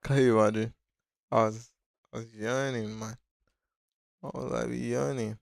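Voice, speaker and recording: A man's voice: mid-range voice, steady tone, measured pace, creaky, dry recording, studio quality. A man hosting a casual live-stream design tutorial, talking loosely and thinking aloud with many fillers. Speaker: design instructor.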